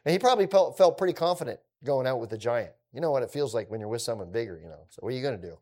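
A man teaching through a scripture passage in a conversational way, with relaxed asides. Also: mid-range voice, very fast.

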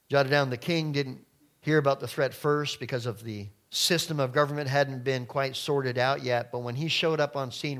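A man's voice: medium pitch, a bit bright. A man preaching a sermon in numbered points, acting out quoted voices along the way. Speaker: pastor.

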